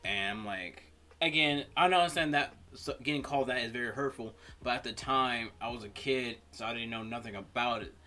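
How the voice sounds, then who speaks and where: A man hosting a reaction video, talking through personal stories in a rambling, halting way with many fillers. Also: medium pitch, pushed and bright. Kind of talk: casual reaction commentary.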